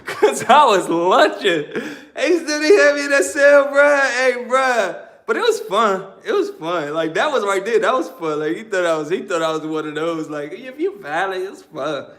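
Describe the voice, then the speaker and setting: High-voiced DC man telling a story. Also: normal speed. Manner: animated, slangy, laughs often. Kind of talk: casual storytelling.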